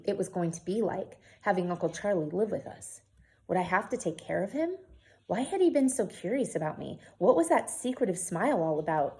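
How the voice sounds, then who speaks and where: A teacher reading a novel aloud to her class with clear, expressive storytelling. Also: mid-range voice.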